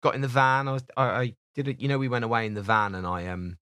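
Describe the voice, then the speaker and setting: A man's voice: medium pitch, quick pace, bright, forceful tone, clear, resonant tone. A man co-hosting a podcast, chatting in a rambling, casual way from his home office. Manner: rambling, chatty, laughs often. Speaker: podcast co-host. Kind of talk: casual chat.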